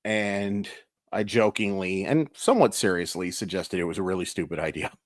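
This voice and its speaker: Male recap host, low-pitched, exasperated and emphatic, dry close sound. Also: moderate pace, no room sound. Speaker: sports YouTuber. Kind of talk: daily baseball recap vlog.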